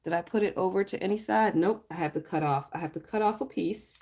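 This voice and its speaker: A woman's voice: fast, creaky. A woman chatting on a live stream while she sets up a planner, greeting viewers by name and laughing often. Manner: drawls some words, swoops up high when excited. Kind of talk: casual live-stream chat while crafting.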